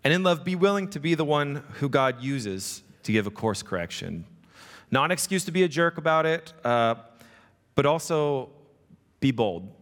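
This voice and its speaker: A man's voice: a little high, big pitch swings, normal speed, fairly bright tone. A male pastor preaching a casual, conversational sermon, often checking in with the congregation. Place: church sanctuary. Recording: long reverb of a hall.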